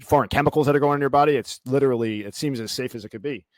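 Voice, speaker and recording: A man's voice: medium pitch, rapid-fire, no room sound. Dry-sounding male podcast host. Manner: reacts briefly, asks short questions. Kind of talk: podcast interview.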